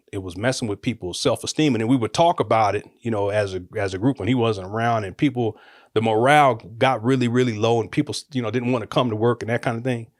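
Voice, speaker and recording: Middle-aged male storyteller, casual and animated, frequent laughter. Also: mid-range voice, no echo, studio quality. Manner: animated, laughs often, acts out quotes with raised voice.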